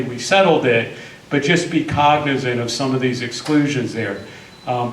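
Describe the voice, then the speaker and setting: A man's voice: medium pitch, a little hiss or hum. Male panelist, conversational storyteller, roomy distant hall sound. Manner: conversational, tells cautionary stories. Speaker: construction attorney on a panel. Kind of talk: panel presentation. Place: meeting hall. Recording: echoey hall, voice from far off.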